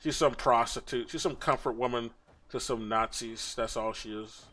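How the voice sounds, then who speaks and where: A man's voice: mid-range voice, moderate pace, bright, forceful tone. Crude ranting man mocking on stream. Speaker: streamer reacting to a video. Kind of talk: casual profane commentary.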